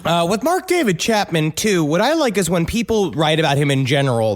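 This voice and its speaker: A man co-hosting a comedy podcast, rambling in a goofy, animated way. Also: on the high side, brisk. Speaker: podcast co-host. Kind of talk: comedic casual chat.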